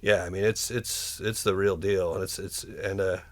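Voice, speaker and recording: A man talking as a podcast guest, rambling through stories with many restarts and getting animated as he goes. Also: low voice, normal speed. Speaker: guest musician and instrument builder. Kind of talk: casual podcast conversation.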